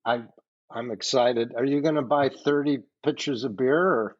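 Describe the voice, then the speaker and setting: A man's voice: medium pitch, normal speed. Blunt, profane middle-aged man, dull audio. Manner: blunt and profane, self-deprecating, laughs while talking. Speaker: podcast guest. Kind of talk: casual podcast chat.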